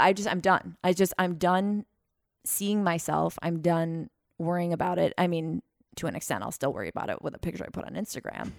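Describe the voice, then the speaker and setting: A woman's voice: on the low side, brisk, vocal fry, no echo, studio quality. A young woman hosting a podcast, talking in a rambling, self-deprecating way in casual chat. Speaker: podcast host.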